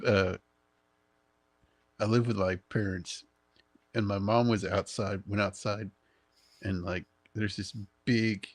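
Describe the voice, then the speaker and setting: A man's voice: fairly low pitch, dry recording. A man hosting a podcast, chatting casually and dropping short wry remarks. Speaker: podcast host. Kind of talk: casual chat.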